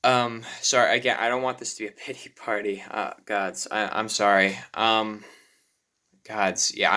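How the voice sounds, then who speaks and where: A young YouTuber with a lowish, bright and forceful voice talks nervously about himself at a moderate pace, his intonation fairly even. In this confessional vlog he is self-deprecating and apologetic, often sighing, saying sorry and starting over.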